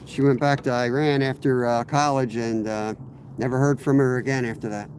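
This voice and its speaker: Hoarse man with a cold, fishing from a kayak. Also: medium pitch, moderate pace, a little hiss or hum. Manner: rambling, relaxed, greets viewers by name. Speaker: fishing streamer. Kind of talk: casual live-stream chat while fishing. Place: outdoors in a kayak on a river.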